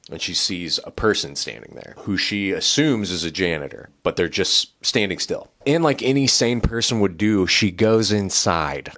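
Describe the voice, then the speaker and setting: A man with a very deep voice walks through a novel's plot in a relaxed book review. He is loose and chatty, fills his sentences with "like", and drops in casual swearing.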